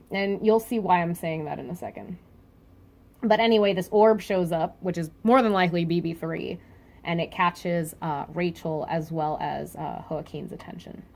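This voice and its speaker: A woman's voice: mid-range voice, darkish tone. A woman casually reviewing a comic chapter, chatty and full of fillers and restarts.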